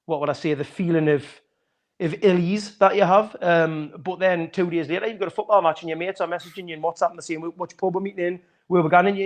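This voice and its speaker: Fast-talking man, candid and reflective. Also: on the high side. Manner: candid, reflective, talks in long rambling sentences. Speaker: guest from a fan podcast. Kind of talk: podcast interview answer.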